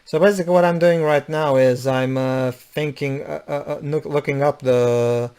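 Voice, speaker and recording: A man's voice: medium pitch, steady tone, normal speed, darkish tone, clean tone. A man playing a video game and chatting with friends, rambling through trivia with many restarts. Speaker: game player and commentator. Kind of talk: let's play commentary chat.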